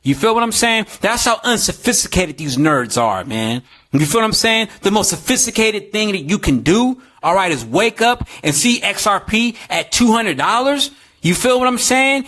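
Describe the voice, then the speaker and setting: High-voiced man in a heated rant. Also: very animated, moderate pace, sharp tone. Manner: heated, slangy, profane, keeps asking "you feel me". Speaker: crypto video host. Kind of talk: ranting commentary.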